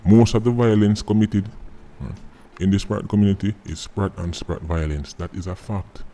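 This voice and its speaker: A man's voice: fairly low pitch, fairly even intonation, normal speed, mellow. A man with a Jamaican accent giving blunt, outspoken commentary on his vlog, slipping into patois. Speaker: vlogger.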